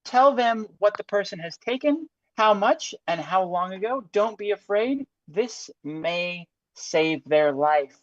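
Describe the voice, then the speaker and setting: A woman's voice: mid-range voice, lively intonation, slow pace, hardly any pauses, no echo. A woman hosting a comedy show who reads a safety flyer aloud, stopping and starting with fillers as she goes. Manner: stops and starts while reading aloud, with fillers. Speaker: host. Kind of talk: comedic read-through of a flyer. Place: studio with green screen. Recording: dull lo-fi audio.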